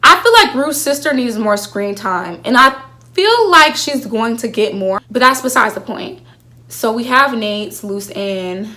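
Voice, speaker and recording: Young female vlogger, slightly high-pitched, animated, slangy, talking casually to camera. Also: unhurried. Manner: animated and chatty, slangy, piles up rhetorical questions. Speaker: vlogger reviewing a TV show.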